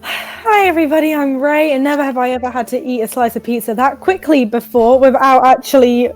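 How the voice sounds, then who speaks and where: A woman's voice: high voice, steady tone, a little fast, soft background music. A shy, reluctant young woman introducing herself as a player at a tabletop game. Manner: shy, reluctant, soft-spoken. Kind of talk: casual chat at a game table.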